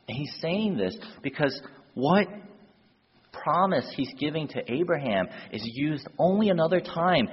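A man delivers a sermon, moving from a plain story into urgent, rising appeals to his listeners. His voice is husky and sits in a mid pitch. The sound is muffled, with a long echo from the hall. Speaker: preacher. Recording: dull echoey hall.

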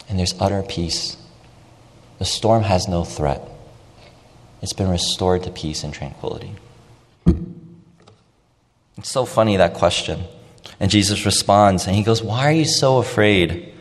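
A man's voice: on the low side, a little mellow. A man preaching a sermon with emphasis, repeating key phrases and asking rhetorical questions. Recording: long reverb of a large hall.

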